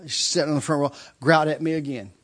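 A man's voice: fairly high pitch, fairly even intonation, fast talker, a bit bright. A male preacher telling a story in a sermon, acting out screams and laughter as he goes. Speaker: traveling preacher.

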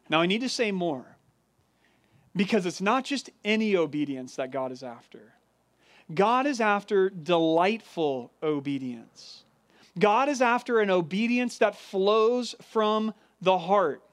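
A man with a high voice delivers a sermon with earnest emphasis. He slows down to stress key words, then picks the pace back up. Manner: earnest, emphatic preaching with deliberate slowed stresses. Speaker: pastor.

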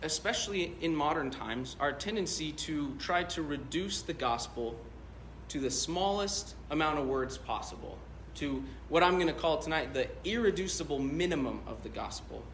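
A man's voice: a little high, animated, moderate pace, fairly bright tone, reverberant, a little hiss or hum. A male pastor preaching a sermon, telling a story in a loose, conversational way with many fillers.

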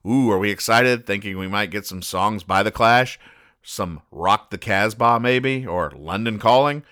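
A man hosting a comedy show, reading comic strips aloud and explaining the jokes in a wry, deadpan way. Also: lowish voice, a little slow. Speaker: host.

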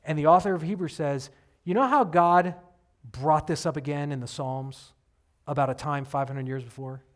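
A man preaching a sermon, telling a story with lively acted-out quotes and casual asides. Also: medium pitch. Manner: animated storytelling, acting out quoted voices. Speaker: pastor.

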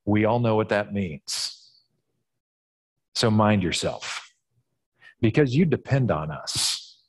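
A man's voice: on the low side, expressive, takes it slowly, breathy edge, pitched below the performer's own voice, heavily acted. A man voicing a stern crowd that shushes and scolds a beggar in a condescending tone. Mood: scolding. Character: stern hushing crowd of townsmen.

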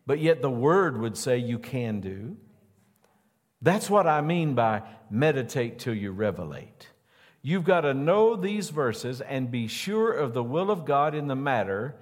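A man's voice: mid-range voice, very animated, unhurried. A man preaching a sermon in an earnest way, driving points home by repeating phrases. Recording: long hall reverb.

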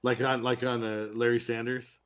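A man co-hosting a relaxed podcast conversation, his voice bright and forward. He talks in an animated way and laughs easily while recounting scenes. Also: medium pitch, normal speed. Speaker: podcast co-host. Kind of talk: casual chat.

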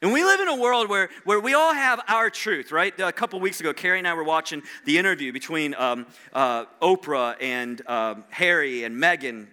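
Middle-aged male pastor, high and tense, chatty sermon full of rhetorical questions. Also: animated, normal speed, few pauses, sharp tone, clean tone. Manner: conversational preaching with rhetorical questions to the room.

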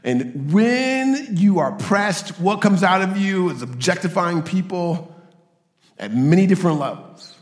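A man preaching a sermon, animated and given to repeating his points and acting out quoted voices. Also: high voice, measured pace, echoey room, in a large hall. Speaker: pastor.

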